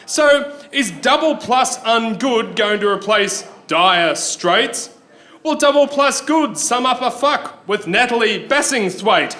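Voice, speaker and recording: A young Australian man performing a live satirical rhyming poem on a pub stage, ranting fast. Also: extremely high pitch, expressive, bright, forceful tone. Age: young adult. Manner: fast satirical rant in rhyme. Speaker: performance poet.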